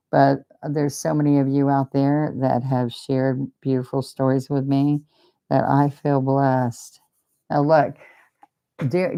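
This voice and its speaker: A woman's voice: extremely low pitch, muffled recording. A woman teaching a live painting demonstration, chatty and rambling, openly emotional and talking about faith. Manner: speaks of faith and blessings.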